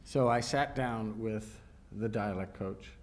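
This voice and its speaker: A man's voice: fairly low pitch, slow pace. A man being interviewed on stage at a live event, telling self-deprecating anecdotes and laughing through them. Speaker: actor and director guest at a festival talk.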